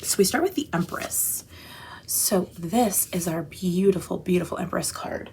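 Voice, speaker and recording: A woman's voice: on the low side, measured pace, vocal fry, darkish tone, a little hiss or hum. A woman hosting a casual tarot chat, gushing and rambling, often breaking off mid-thought. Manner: gushing, chatty, rambling with self-interruptions. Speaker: tarot channel host.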